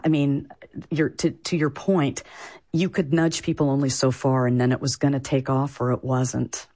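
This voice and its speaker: A woman's voice: sits low, dark tone, slightly rough. A woman from Iowa, a food writer, answering interview questions in a chatty way with many fillers. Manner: chatty, lots of "you know" fillers.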